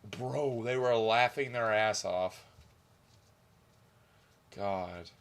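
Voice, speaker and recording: A man's voice: lowish voice, very slow. A young man casually chatting on a stream, rambling and swearing as he reminisces about old videos. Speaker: stream co-host.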